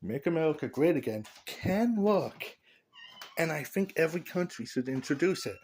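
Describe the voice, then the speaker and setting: A man ranting casually to his camera, rambling from point to point and laughing at his own jokes. His pitch swoops up and down a lot as he gets worked up. A faint hiss sits under the voice. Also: lively intonation, normal speed, a little mellow. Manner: rambling, joking, opinionated, laughs at own lines. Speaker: vlogger. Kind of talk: casual opinion rant to camera.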